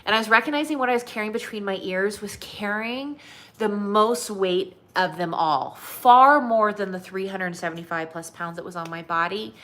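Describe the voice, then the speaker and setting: Woman, weight loss coach, chatty personal story, bright ringing voice, from southern california. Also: medium pitch. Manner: chatty, lots of "like" fillers.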